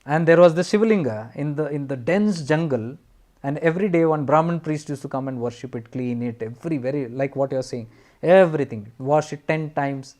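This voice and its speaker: A man, a spiritual teacher telling a devotional story in an earnest, unhurried way with emphatic repetitions. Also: on the high side, darkish tone.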